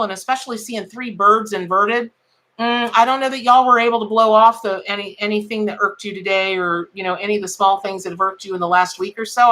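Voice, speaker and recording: A woman's voice: mid-range voice, pushed and bright. A woman giving a live tarot reading, chatting folksily with viewers and greeting them by name. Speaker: tarot reader.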